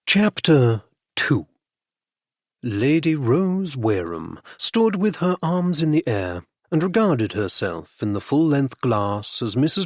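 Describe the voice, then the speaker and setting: The narrator, a man of medium pitch, delivers a scripted audiobook with measured, expressive storytelling. The recording is dry with clean studio sound.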